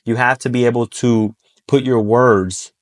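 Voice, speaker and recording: A man's voice: medium pitch, fairly even intonation, unhurried. A man giving a motivational monologue about persuasion, blunt and profane, hammering his points home by repeating them. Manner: blunt and profane, acts out short quoted voices; emphatic, repeats key points. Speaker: self-improvement speaker.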